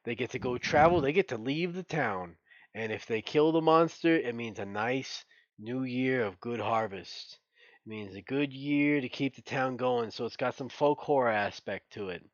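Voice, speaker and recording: A relaxed man chatting on a podcast, loose and profane, tossing "dude" into nearly every thought. His voice sits at an ordinary middle pitch. The recording is dry and a little muffled, with no room sound. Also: normal speed, no echo. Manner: laid-back, swears freely, calls people "dude". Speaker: podcast co-host. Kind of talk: casual podcast chat.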